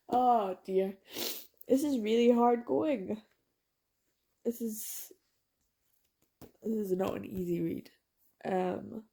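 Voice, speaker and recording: A woman's voice: a little high, creaky, darkish tone, husky. A young woman chatting emotionally about a book in a casual reading vlog, laughing often. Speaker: book vlogger.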